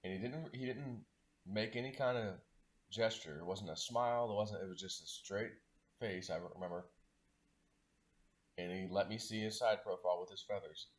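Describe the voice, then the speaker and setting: A man's voice: on the low side, moderate pace. A man telling a long personal story in a loose, rambling way, full of "like" and "you know". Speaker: spiritual vlogger. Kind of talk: casual storytelling monologue.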